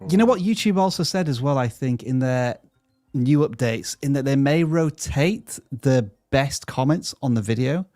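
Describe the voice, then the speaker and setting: Male live-stream host, chatty and upbeat, mid pitch, dry close sound. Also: lively intonation, normal speed, a little mellow, dry recording, soft background music. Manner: upbeat, chatty, stumbles over names. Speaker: livestream host reading viewer questions. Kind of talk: live channel-review stream.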